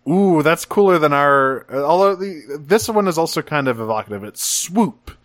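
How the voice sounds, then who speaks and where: A man's voice: on the high side, lively intonation, normal speed, no room sound. A man co-hosting a podcast, talking casually and enthusiastically, rambling a bit and swearing now and then. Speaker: podcast co-host. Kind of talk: casual chat.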